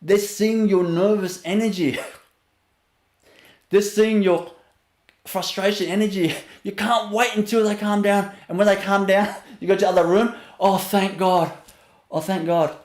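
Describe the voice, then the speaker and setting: A man teaching in a spiritual webinar talk, his fairly high voice broken by frequent little laughs. He drops into a soft, hushed register when he shows what calm sounds like. The sound carries a noticeable room echo. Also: unhurried. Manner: laughs often between phrases, drops to a soft low voice to show calm.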